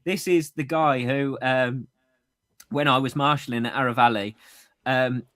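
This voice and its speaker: A man's voice: mid-range voice, fairly even intonation, measured pace, fairly bright tone, no echo, clean studio sound. A man co-hosting a podcast in casual chat, reading out listener messages and laughing often. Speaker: podcast co-host.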